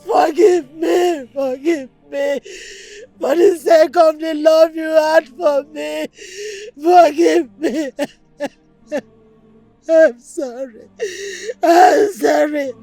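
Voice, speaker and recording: Distraught Nigerian wife pleading with a dead husband; slow, high, soft-toned, film soundtrack. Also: female voice. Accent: Nigerian English. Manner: pleading, sobbing between words. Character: anguished wife begging her husband's spirit. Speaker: actress. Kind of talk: film drama acting. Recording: film soundtrack, faint music behind.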